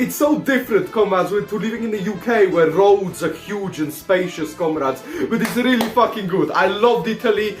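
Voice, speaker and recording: A young man narrating a casual travel vlog, excitable and swearing, calling his audience comrades again and again. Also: sits high. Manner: excitable, swears, says "comrades" in nearly every line. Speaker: vlogger host. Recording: roomy echo, faint music behind.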